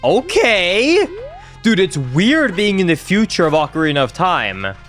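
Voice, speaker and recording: Excitable young man streaming a game. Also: high-pitched, a little slow, soft background music. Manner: excitable, chatty, reacts aloud to the game and chat. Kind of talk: live gameplay commentary.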